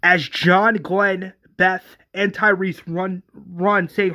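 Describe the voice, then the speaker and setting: A man narrating a story at a very slow, deliberate pace, stopping and restarting his phrases. His voice sits a little high for a man. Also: flat delivery, pushed and bright. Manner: halting, repeats words while narrating. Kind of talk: retelling a fan series scene by scene.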